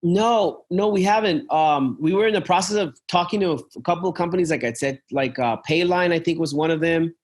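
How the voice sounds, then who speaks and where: With a fairly high pitch and a fairly quick delivery with few pauses, a man describes his travel company casually. He rambles with frequent fillers and restarts, often dropping "man" and "dude."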